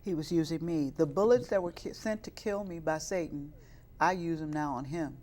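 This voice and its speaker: A woman's voice: low-pitched, moderate pace, mellow. Fervent woman sharing her testimony. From west side of Chicago. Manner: earnest, rises into fervent preaching. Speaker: guest, youth minister. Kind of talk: interview testimony.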